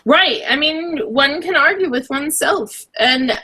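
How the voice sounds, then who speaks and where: A young adult woman co-hosting a podcast, chatting casually with animated, opinionated asides. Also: sits high, a little slow. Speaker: podcast co-host. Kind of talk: casual chat.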